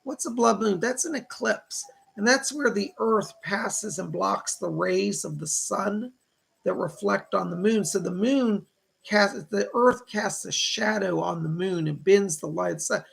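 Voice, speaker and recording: A man's voice: high voice, measured pace, creaky, a bit bright, slightly rough. A man hosting a casual livestream as a psychic, chatting to viewers and greeting names from the chat.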